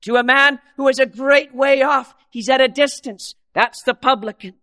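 A man preaching a sermon in an earnest, dramatic way, dropping to soft low asides and rising for quoted voices. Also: fairly even intonation, normal speed.

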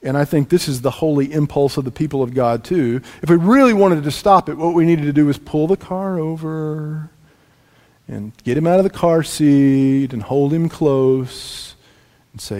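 A man preaching a sermon as pastor, telling a family story with lively shifts between loud lines and quiet asides. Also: a little high, moderate pace. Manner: animated, swings from loud to hushed asides. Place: church sanctuary. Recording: long reverb in a large room.

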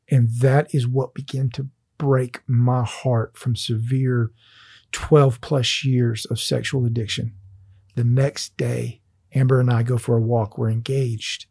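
A man's voice: medium pitch, flat delivery, slow pace, gravelly, a little mellow, breathy edge, no echo, studio quality. A man hosting a faith conversation, telling a personal testimony in an earnest, emotional way.

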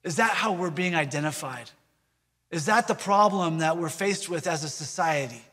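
A man's voice: on the high side, animated, moderate pace, pushed and bright, long reverb tail. A man preaching a sermon, earnest, with rhetorical questions and repeated phrases. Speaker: pastor.

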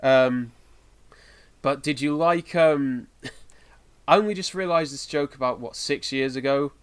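A man's voice: mid-range voice, takes it slowly, clean tone. A man from the United Kingdom co-hosting a podcast in casual chat, rambling with lots of fillers and laughing often. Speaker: podcast co-host.

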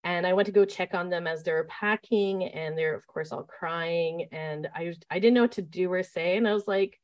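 A woman who leads staff at a summer camp, telling stories in a relaxed interview and talking with many fillers and restarts. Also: on the low side, normal speed. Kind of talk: conversational interview storytelling.

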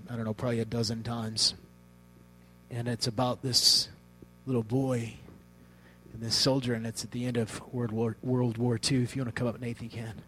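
A man preaching a sermon in a conversational way, telling a story with hushed asides. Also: medium pitch, a little hiss or hum, poor audio.

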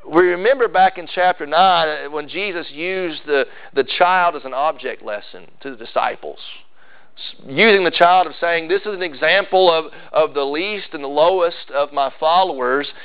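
Male pastor mid-sermon, slightly high voice, emphatic delivery, dull lo-fi recording. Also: smooth. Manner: animated, acts out quoted voices, rises to loud emphasis.

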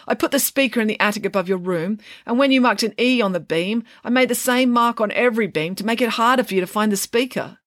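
Nervous teen schoolboy, sheepish and apologetic, raised pitch, dry sound; a woman reads him. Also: quick pace, hardly any pauses, fairly bright tone, dry recording, lightly acted. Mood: guilty. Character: young teen boy, nervous and guilty.

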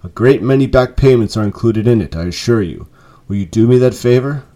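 A man voicing an elderly male miser who is newly joyful, excited and warmly insistent. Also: medium pitch, fairly quick, natural voice. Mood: eager.

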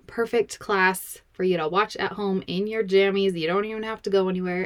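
A woman's voice: medium pitch, steady tone, a little fast, few pauses. A woman hosting a podcast in casual chat, bubbly and laughing often, a little out of breath. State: slightly out of breath. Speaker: podcast host.

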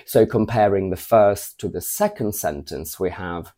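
Deep-voiced man teaching English pronunciation. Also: a little slow, hardly any pauses, warm tone. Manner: spells words letter by letter, careful modeling of phrases. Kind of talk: scripted video lesson.

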